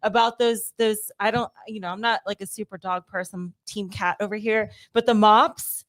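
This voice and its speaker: A woman's voice: medium pitch, fairly even intonation, normal speed, no room sound. Easygoing woman co-host chatting. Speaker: podcast co-host. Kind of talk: casual chat.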